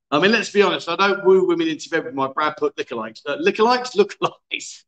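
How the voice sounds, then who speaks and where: A man in his fifties hosts a casual livestream from a city bar, joking, laughing and reading viewer comments aloud. His voice is on the high side, animated and a little fast, in an echoey room with the highs cut off.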